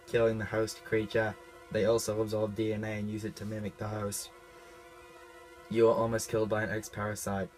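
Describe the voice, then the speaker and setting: A man with a cough reading lines as a blunt starship computer in a stiff, flat mock-robot delivery. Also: fairly low pitch, natural voice, rough recording. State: unwell, coughing. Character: ship's computer, blunt commanding AI.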